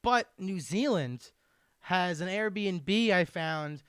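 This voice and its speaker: A man's voice: high-pitched, animated, takes it slowly, clear, resonant tone, dry recording, clean studio sound. A man with a New York accent hosting a podcast, rambling casually and swearing freely. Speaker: podcast host.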